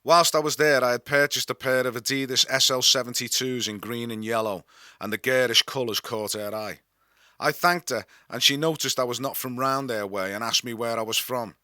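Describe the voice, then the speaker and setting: A Liverpool man with a Scouse accent, the author himself, reads from his memoir with wry, dry humour. His voice is mid-range and sharp, with fairly even intonation at a moderate pace, in a dry recording.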